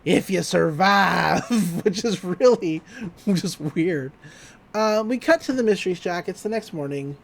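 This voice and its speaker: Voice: mid-range voice, animated, unhurried, darkish tone. A podcast host casually recapping a cartoon episode, chatty and giggly with lots of fillers.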